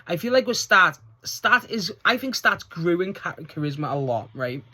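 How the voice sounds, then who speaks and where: Excitable, sweary man reviewing wrestling. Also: high-pitched, normal speed. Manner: excitable, swearing, laughing, recounting scenes. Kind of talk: casual solo review.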